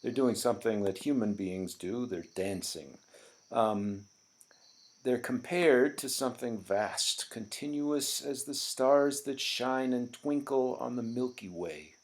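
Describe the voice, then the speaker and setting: A man's voice: medium pitch, takes it slowly. A man teaching a lesson on poetry, explaining step by step with frequent ums and small restarts. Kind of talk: classroom poetry lecture.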